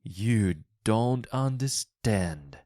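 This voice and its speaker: A man's voice: on the low side, takes it slowly, darkish tone, no room sound, clean studio sound. A man doing a tired, fearful old husband. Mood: pleading. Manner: urgent, firm pleading.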